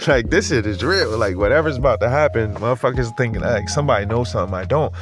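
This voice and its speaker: A man's voice: mid-range voice, animated, fast, over music. Rambling, swearing man. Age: adult with a school-age kid. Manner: rambling, swears freely, laughs often. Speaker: podcast host. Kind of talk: casual profane monologue.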